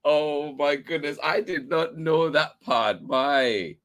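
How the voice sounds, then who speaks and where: Male host, unhurried delivery, slightly high voice, encouraging. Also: a bit bright. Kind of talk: casual interview chat.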